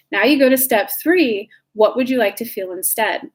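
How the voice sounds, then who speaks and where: A woman's voice: on the high side, normal speed, few pauses. A woman coaching live-stream viewers in a casual, chatty way, greeting them by name and swearing freely.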